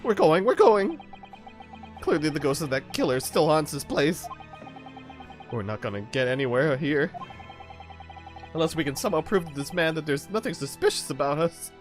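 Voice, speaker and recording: A man's voice: a little high, moderate pace, pauses often, soft background music. A man streaming a story game, talking casually in a playful, self-deprecating way while he thinks aloud. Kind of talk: casual game let's-play commentary.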